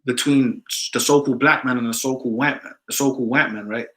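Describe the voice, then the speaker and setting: A man's voice: mid-range voice, fairly even intonation, fast talker, bright, forceful tone, poor audio. A man in casual discussion, talking emphatically and ending many phrases with "man".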